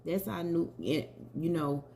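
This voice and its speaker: A woman tarot reader chats with her viewers in a slow, unhurried way. Her voice sits a little low and has a gravelly, mellow tone. A faint hiss runs underneath. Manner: chatty, addresses viewers as y'all. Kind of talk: casual commentary and tarot reading.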